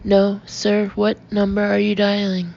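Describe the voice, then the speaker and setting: A woman voicing a smooth-talking male escort-agency owner, pressing a caller with eager sales patter in an audiobook. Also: mid-range voice, completely flat delivery, unhurried, darkish tone. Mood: polite, wary. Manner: gushing, persuasive sales patter. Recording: dull lo-fi audio with faint hiss.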